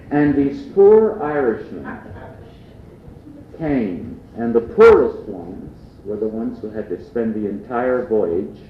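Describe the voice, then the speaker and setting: A man's voice: on the low side, a little hiss or hum. A man from Prince Edward Island giving a humorous storytelling lecture to an audience, with wry asides. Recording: distant, dull, roomy archive recording.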